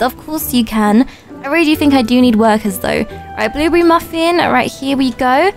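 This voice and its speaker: A young woman giving chatty roleplay commentary, her voice high and bright. She gasps, jokes with herself and keeps up a playful running patter. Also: moderate pace, faint music behind. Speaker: YouTuber.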